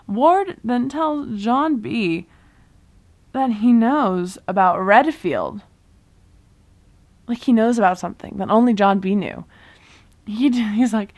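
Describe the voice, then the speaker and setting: A young woman casually recapping a TV season, chatty and full of fillers, quickly acting out the characters' lines as she goes. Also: mid-range voice, lively intonation. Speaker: vlogger recapping a TV show.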